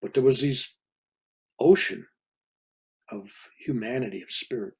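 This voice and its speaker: Older man with a gravelly, husky voice. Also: medium pitch, measured pace. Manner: rambling, casual, with restarts and asides. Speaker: reverend and spiritual speaker. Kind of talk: conversational storytelling.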